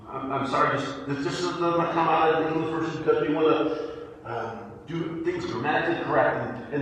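A high-voiced male preacher teaches with a lively, swooping delivery, restarting and repeating words as he explains. He is heard from a distance in a large church hall with a long, roomy echo. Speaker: pastor. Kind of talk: sermon. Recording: echoey hall, voice from far off the mic.

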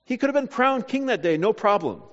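A man preaching a sermon in a church. He preaches dramatically, pausing on key words and acting out the voices he quotes. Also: high-pitched, lively intonation. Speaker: pastor. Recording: dull sound, long hall reverb.

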